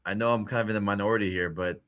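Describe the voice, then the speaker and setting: A man co-hosting a call-in show, making dry, deadpan jokes. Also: lowish voice, very fast, crowd noise. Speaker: co-host.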